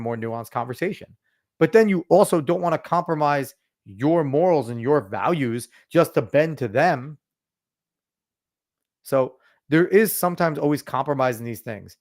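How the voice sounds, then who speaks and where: A man in his thirties hosting a podcast, giving blunt, profane, animated opinions in casual commentary. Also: a little high. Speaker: podcast host.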